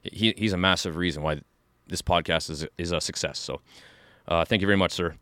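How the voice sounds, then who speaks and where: A man co-hosts a podcast in a studio, chatting casually with a rambling, enthusiastic manner. His voice is low, and his words come out quickly. The sound is dry, with no room echo. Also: fairly bright tone. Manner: rambling, enthusiastic, full of fillers and restarts. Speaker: podcast co-host. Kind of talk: casual chat.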